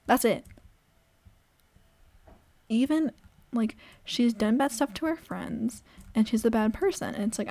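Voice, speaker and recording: A teenage girl chatting fast and opinionated in a casual vlog, rambling with lots of "like" and shifting between a harsher voice and a softer, airy one. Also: mid-range voice. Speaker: vlogger. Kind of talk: casual chat over gameplay.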